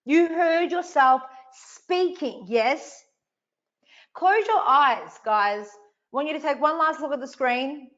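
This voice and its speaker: A woman's voice: high voice, slow pace, a bit bright, dull audio. A woman hosting a live online coaching session, emphatic and repetitive, swearing casually as she speaks to viewers. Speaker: online event host.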